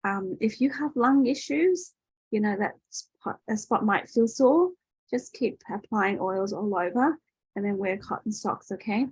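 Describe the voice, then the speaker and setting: A woman's voice: medium pitch, lively intonation, unhurried, darkish tone, husky, no echo, low-quality recording. A woman leading an online workshop over a video call, teaching in a casual, chatty way with lots of fillers and tag questions. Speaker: workshop host.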